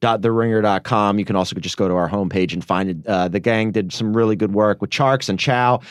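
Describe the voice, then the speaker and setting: A man's voice: on the low side, brisk, clean tone, no echo. A man from Philadelphia hosting a casual sports podcast, steering the talk with dry joking asides. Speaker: podcast host.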